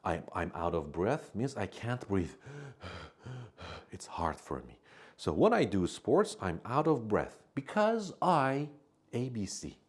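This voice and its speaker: A deep-voiced man gives an English lesson, his husky tone swinging widely in pitch as he stresses each point. He explains patiently, going back over every idea in new words. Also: big pitch swings, unhurried. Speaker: English teacher.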